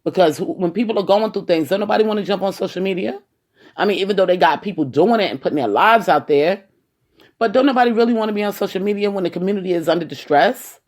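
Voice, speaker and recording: A woman's voice: medium pitch, quick pace, a little mellow. A woman with a New York accent, an activist giving a casual, rambling podcast monologue and often saying "you know".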